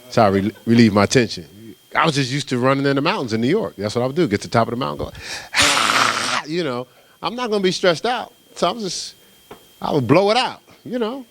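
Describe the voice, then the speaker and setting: Talking fast in a mid-range voice, a middle-aged pastor from New Jersey preaches, with a little hiss or hum audible. He tells stories in a lively, relaxed, conversational way, repeatedly checking in with "right?"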